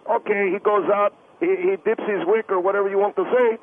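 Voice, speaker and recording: A man from the Twin Cities rambles and interrupts over a tinny phone line with a faint hiss. His voice is high and full of fillers. He sounds like a combative radio caller. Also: fairly even intonation, fairly quick. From Minneapolis–Saint Paul, US Midwest. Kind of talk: heated call-in debate.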